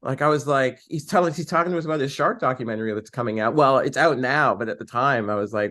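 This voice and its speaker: Animated actor telling set stories. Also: male voice, medium pitch, quick pace, hardly any pauses. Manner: animated storyteller who slips into voices and quoted dialogue. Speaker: actor guest. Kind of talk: casual interview chat.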